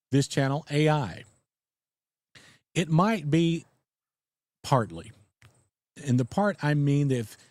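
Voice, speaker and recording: A man's voice: mid-range voice, a little mellow, no room sound. A man with a Southern US accent hosting a casual podcast live stream, rambling in a folksy way and reading viewer comments. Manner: folksy, rambling, chuckles often. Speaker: podcast host.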